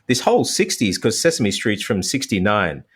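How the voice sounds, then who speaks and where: A male language teacher, a podcast guest, explaining ideas in an animated, easygoing way and laughing easily. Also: lowish voice, moderate pace, slightly rough. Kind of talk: conversational explanation.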